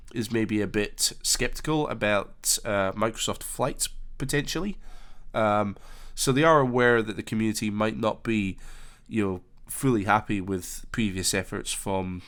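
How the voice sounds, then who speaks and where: Man, casual commentary, hesitant, fairly low pitch. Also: fairly bright tone. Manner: hesitant, many ums and restarts. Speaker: flight sim commentator. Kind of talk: casual video commentary reading an announcement.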